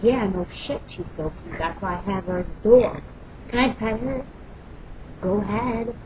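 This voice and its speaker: A young woman vlogging casually, loud and brash, swearing freely and rambling through quick stories. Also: medium pitch. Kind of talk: casual chat and storytelling. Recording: lo-fi home recording with background noise.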